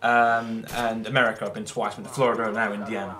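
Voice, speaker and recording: Talking fast in a fairly low, level, sharp-toned voice, a young gamer from England narrates his own play. He rambles along in a chatty, self-deprecating way with an English accent.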